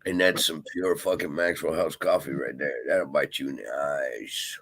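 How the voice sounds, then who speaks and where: A man's voice: a bass voice, steady tone, moderate pace, vocal fry, fairly bright tone, husky, no room sound, poor audio. A man rambling and swearing freely in a casual vlog monologue. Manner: profane, rambling, grumbling. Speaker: vlogger.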